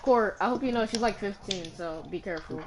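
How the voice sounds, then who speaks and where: A woman on a game stream, excitable and yelling at the game as she plays. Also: mid-range voice, a little fast. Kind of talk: casual chat over a game stream. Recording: noisy voice chat.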